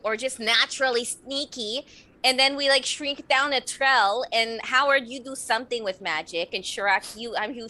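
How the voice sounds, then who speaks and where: A woman playing a tabletop game, excitable and giggly, pitching a plan with enthusiasm. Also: low-quality recording. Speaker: player. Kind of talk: casual tabletop play.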